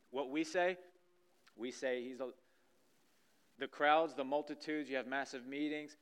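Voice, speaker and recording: A man preaching a sermon in a church, acting out scripture scenes with lively energy. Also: mid-range voice, unhurried, pauses often, clean tone. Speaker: pastor. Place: church sanctuary stage.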